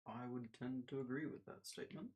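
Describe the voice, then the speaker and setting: A man's voice: mid-range voice, steady tone, fairly quick, a little mellow, a little hiss or hum. A man giving casual, rambling commentary while playing a building game, talking to himself and slipping into silly put-on voices.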